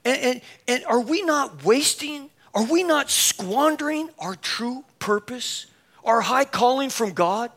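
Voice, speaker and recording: Speaking slowly in a very high-pitched voice, a preacher plays a funny personal anecdote for laughs at his own expense, voicing the dialogue with animation. Afterward he urges the audience on, sometimes shouting.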